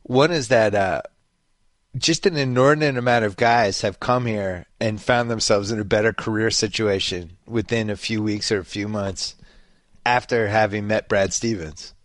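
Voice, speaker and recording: A man's voice: on the low side, moderate pace, no room sound, clean studio sound. A man, hosting a casual sports chat and rambling along with lots of fillers. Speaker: podcast host.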